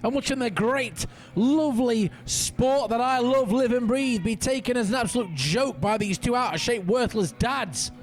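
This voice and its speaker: Grumpy sarcastic commentator, high-voiced man. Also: normal speed, few pauses, faint music behind. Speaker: colour commentator. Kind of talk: wrestling commentary.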